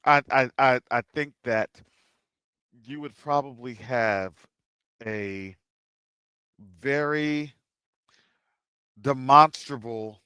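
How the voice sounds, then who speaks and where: A man's voice: mid-range voice, drawn-out words, pauses often, pushed and bright, clean tone, no room sound. A man hosting a discussion show, giving political commentary with a run of rhetorical questions. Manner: rhetorical, repeats questions, drops into asides. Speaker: show host.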